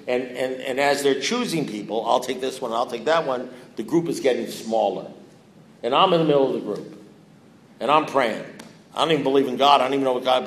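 Rambling man telling his story, roomy. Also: medium pitch. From New York. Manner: rambling and conversational, repeats "you know what I mean"; grows louder and more heated when telling painful moments. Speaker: recovery meeting speaker. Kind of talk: personal testimony to a group.

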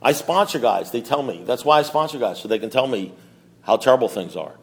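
A man's voice: mid-range voice, expressive, a little fast, husky. A middle-aged man telling a self-mocking story at a support meeting, rambling with restarts and asides to the audience. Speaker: recovery meeting speaker.

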